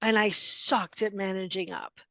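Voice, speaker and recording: A guest in a casual interview, the middle-aged coach tells her stories directly and without softening, performing the dialogue and laughing often. Her medium-pitched voice keeps a measured pace, with no echo.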